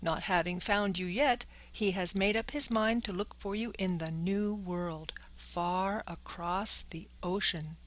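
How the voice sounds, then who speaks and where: A large, helpful male pigeon from a storybook, speaking in a slow, measured voice, as a woman narrator puts him on. His lines sit close to her own mid-pitched reading voice. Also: steady tone, lightly acted, rough recording. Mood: calm. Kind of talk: audiobook character voice.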